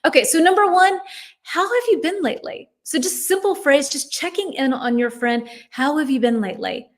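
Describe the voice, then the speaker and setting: A woman's voice: high-pitched, moderate pace. A middle-aged woman teaching a live English lesson, chatty, reading viewers' comments aloud and reacting to them. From United States.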